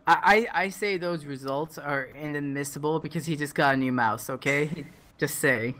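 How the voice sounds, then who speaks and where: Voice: medium pitch, normal speed, fairly bright tone, slight background noise. An esports caster doing casual commentary and teasing the co-caster.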